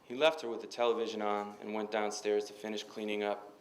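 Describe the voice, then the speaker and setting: A man reads his own fiction aloud at a university reading. His voice sits low, and the delivery is measured and even. A faint hiss runs underneath. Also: low-quality recording. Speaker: author.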